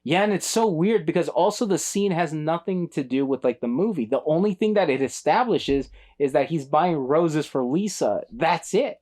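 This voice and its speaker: A man co-hosting a film review podcast in a loose, chatty way. He gets animated and often slips into goofy voices while quoting scenes. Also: a little high, normal speed, few pauses. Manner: animated, acts out movie lines in funny voices. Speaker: podcast co-host. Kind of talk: casual film review chat.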